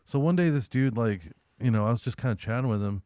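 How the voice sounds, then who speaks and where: A man's voice: medium pitch, quick pace, smooth, dry recording. A young man's mid-range voice spins a casual, profane story and slips into voices for the people in it. The sound is dry and close, with no room around it. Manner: profane, animated storyteller who acts out quotes. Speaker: podcast co-host.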